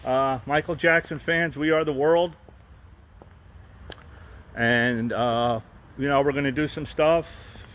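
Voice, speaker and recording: A man's voice: medium pitch, steady tone, slow pace, pauses often, a bit bright. A man live-streaming from a phone outdoors, rambling casually with frequent restarts and asides. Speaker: vlogger and fan group host.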